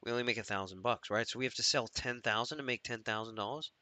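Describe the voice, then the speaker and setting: A man talks through his trades on a live stream, muttering and cursing to himself as he goes. His tone is sharp and cutting. The sound is dry and close, with no room around it. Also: mid-range voice, quick pace, dry recording. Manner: thinks aloud, profane, mutters to himself. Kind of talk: live trading commentary.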